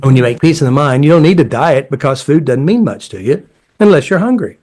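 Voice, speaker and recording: His voice is a little high and his pace brisk as he tells stories in relaxed conversation. The middle-aged speaker, a therapist and creator of a healing method, is blunt and folksy and brings quoted dialogue to life with shifting voices.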